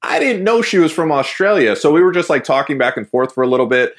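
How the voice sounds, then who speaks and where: A male podcast host chatting casually with his guests. His pitch swings widely as he talks, and he often restarts his sentences mid-thought. The delivery is loose and conversational. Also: fast talker. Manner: animated, with frequent restarts. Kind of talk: casual interview chat.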